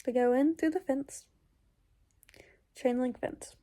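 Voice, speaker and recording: A woman's voice: sits high, steady tone, takes it slowly, mellow. A woman recounting a dream in casual, rambling storytelling, full of fillers and sometimes dropping into whispers. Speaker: YouTuber.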